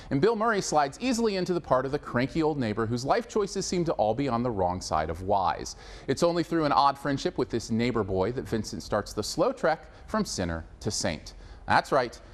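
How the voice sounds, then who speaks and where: A man hosting a scripted movie review, wry and upbeat in delivery. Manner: lively, wry delivery with big pitch swings.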